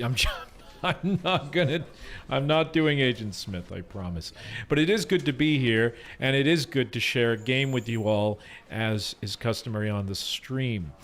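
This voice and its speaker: A man's voice: medium pitch, fairly bright tone. A man streaming a game in a small room full of screens, rambling casually to chat with self-mocking jokes.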